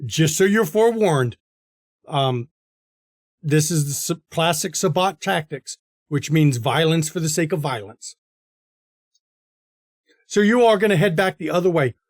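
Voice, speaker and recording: High-voiced man running a tabletop game. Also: animated, measured pace, pauses often, no room sound, studio quality. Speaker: game master.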